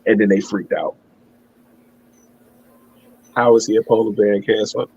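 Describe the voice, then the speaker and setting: Husky guy rambling thru a story on a call, kinda dull muffled audio. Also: fairly low pitch, flat delivery, normal speed, a little mellow. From Maryland. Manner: rambling storyteller, swears, laughs at himself. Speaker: guest. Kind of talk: casual chat.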